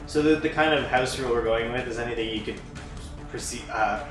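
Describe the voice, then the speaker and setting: A man's voice: medium pitch, fairly quick. A man narrating a tabletop game as game master, in a loose style with many fillers and chuckles. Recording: echoey room, distant mic, music.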